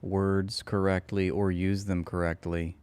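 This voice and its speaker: A man's voice: low-pitched, level tone, unhurried, darkish tone, clean tone, no room sound. Guy doing snarky commentary on news clips, dry close sound, teasing tone. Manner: sarcastic, teasing.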